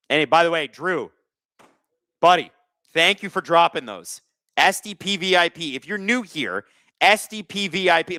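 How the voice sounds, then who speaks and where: Male live-stream host, lively bright voice, chatty play-by-play, close dry mic. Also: fairly high pitch, no echo. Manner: chatty, thanks viewers, calls plays. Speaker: live watch-along host. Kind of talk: casual live-stream hockey commentary.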